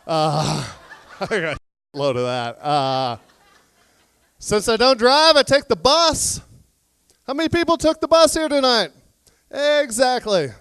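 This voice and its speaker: A man doing a stand-up comedy set on a club stage, telling deadpan stories and acting out both sides of conversations. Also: very high voice, takes it slowly, pauses often, clean tone, no echo.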